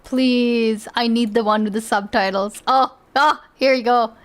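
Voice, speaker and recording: A woman streamer talks casually as she reacts to clips. Her voice sits high. She rambles as she thinks aloud, with lots of fillers and easy giggles. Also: fairly even intonation, unhurried, clean tone. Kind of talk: casual live-stream commentary.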